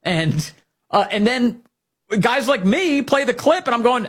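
A man hosting a political talk show, animated and sarcastic, often mocking opponents. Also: high voice, moderate pace, husky. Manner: animated, sarcastic, mocks opponents in put-on voices. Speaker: radio show host.

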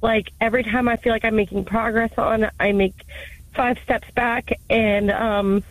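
A woman's voice: fairly high pitch, steady tone, normal speed, no room sound, low-quality recording. A woman in her thirties calling a radio show with a personal question, hesitant and emotional, full of fillers. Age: 30s. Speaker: radio caller.

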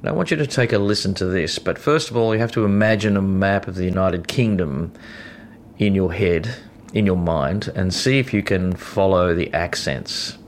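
A man's voice: sits low, normal speed, a little hiss or hum. A man hosting a radio show, introducing clips and talking straight to the listener in a conversational way. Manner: conversational, addresses the listener directly. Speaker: radio host.

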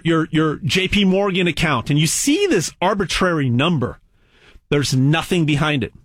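Emphatic, pitch-swinging sales pitchman. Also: a bit bright, husky, dry recording, clean studio sound. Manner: emphatic and repetitive, folksy asides. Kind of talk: direct-to-camera sales pitch.

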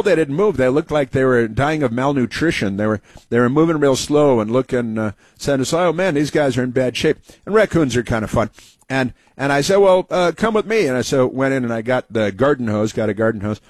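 A man's voice: mid-range voice, dry recording. A man hosting a talk show in a rambling, folksy monologue full of restarts. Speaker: radio talk host. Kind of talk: casual monologue.

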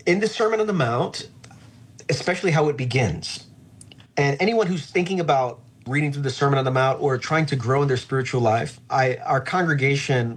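Husky-voiced pastor, reflective and earnest. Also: male voice, medium pitch. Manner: reflective, earnest, with frequent "uh" fillers. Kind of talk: conversational podcast interview.

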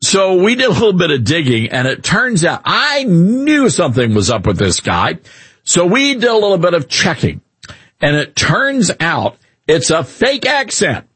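A man's voice: sits high, wildly swooping pitch, normal speed, fairly bright tone, husky, no echo. A man with a Southern US accent hosting a talk radio show, ranting sarcastically in an opinionated monologue.

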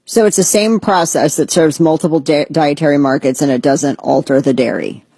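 Husky woman host, sarcastic rant, swoops up into mocking voices, dry close mic. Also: normal speed, warm tone, dry recording. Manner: sarcastic, ranting, mocks others in squeaky voices. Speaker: podcast host. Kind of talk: casual opinionated commentary.

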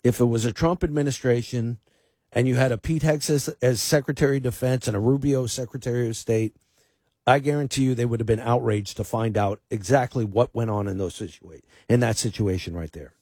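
A male radio host with a somewhat husky voice delivers pointed political commentary. His speech is emphatic, with restarts and repeated words. The sound is close and dry. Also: medium pitch, brisk, darkish tone, no echo. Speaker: fill-in radio talk host.

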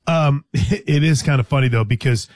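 A man's voice: mid-range voice, normal speed, a little mellow, no echo, clean studio sound. A man hosting a sports talk show, chatting casually and teasing his co-host, often restarting his sentences.

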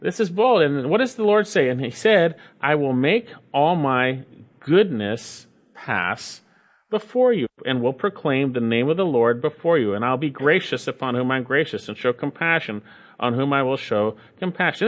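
A man preaching a sermon, reading scripture slowly and repeating key phrases with emphasis. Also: a little high. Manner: reads scripture slowly and deliberately. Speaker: pastor.

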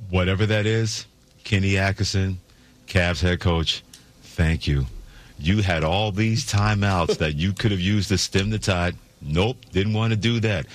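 A man's voice: sits low, no room sound. A man hosting sports talk radio, delivering a sarcastic, theatrical monologue with mock-preaching flourishes.

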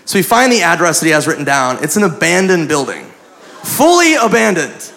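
High-voiced, gravelly male stand-up comic. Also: fairly quick. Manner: crude, animated, self-mocking. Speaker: stand-up comedian. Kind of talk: stand-up storytelling. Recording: live comedy club with crowd noise.

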